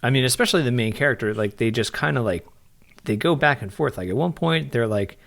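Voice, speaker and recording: Animated man with a lively voice. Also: medium pitch, fairly quick, vocal fry. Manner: animated, acts out lines in a raised voice. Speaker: podcast co-host. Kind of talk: casual film discussion.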